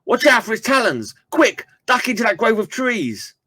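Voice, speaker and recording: Guy putting on a yelpy scandi-comic book pilot, high and loud, dry close mic. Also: normal speed, slightly rough, no echo, heavily acted. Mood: alarmed. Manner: high, excited shouting.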